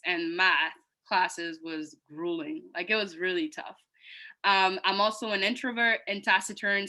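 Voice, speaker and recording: Non-native English-speaking woman panelist, bright tone, hesitant. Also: mid-range voice, low-quality recording. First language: not English. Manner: soft-spoken, hesitant, many fillers. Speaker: panelist, college alum. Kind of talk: casual personal account. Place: video call.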